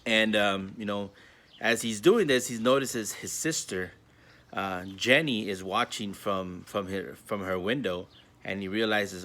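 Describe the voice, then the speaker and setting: Bright-voiced man telling a moral story. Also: on the low side, a little slow. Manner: casual, filler-heavy, earnest. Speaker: school staff member. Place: home.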